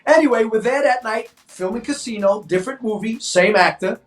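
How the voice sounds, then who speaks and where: A man in his sixties from New York, a co-host telling stories in an animated way and acting out voices in casual chat. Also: sits high, a little fast, soft background music. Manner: animated, acts out quoted voices. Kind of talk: casual storytelling. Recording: echoey room, mic at a distance.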